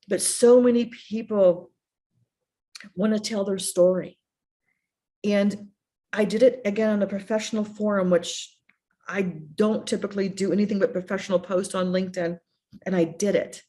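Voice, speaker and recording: A woman's voice: medium pitch, darkish tone. Earnest middle-aged woman telling her story. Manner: earnest, repeats herself, voices remembered messages. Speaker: guest, bereaved mother. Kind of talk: emotional personal storytelling.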